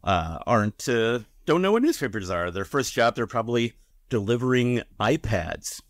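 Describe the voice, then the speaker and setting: A man's voice: medium pitch, very animated, normal speed, no room sound. Hesitant, joking podcast co-host man. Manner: hesitant, with restarts and a dry, joking tone. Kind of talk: casual chat.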